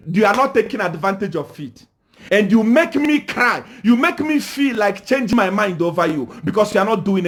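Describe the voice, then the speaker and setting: A Zambian man ranting on a livestream, who scolds his listeners, fires off rhetorical questions and keeps saying "Eh?", and sometimes shouts. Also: sits high. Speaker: political commentator. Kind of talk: livestream rant.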